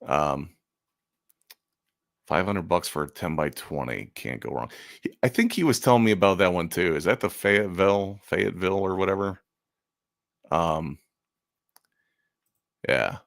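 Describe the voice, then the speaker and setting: A man's voice: deep voice, animated, measured pace, vocal fry, pauses often, no room sound, studio quality. A man in casual chat about selling art at conventions, rambling and making self-deprecating jokes. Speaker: convention artist and channel host.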